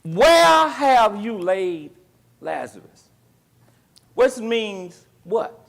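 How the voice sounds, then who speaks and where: A man teaching a Bible class, quizzing his students with call-and-response questions and retelling the story in colloquial, animated speech. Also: sits high, drawn-out words, creaky.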